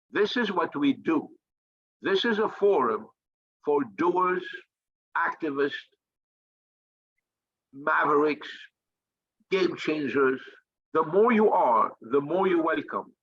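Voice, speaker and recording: Male speaker, high pitch, combative and profane, hammers his points by repeating them, muffled lo-fi recording. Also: fairly bright tone, slightly rough. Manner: blunt, profane, combative, emphatic repetition. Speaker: think tank leader. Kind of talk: fiery motivational talk.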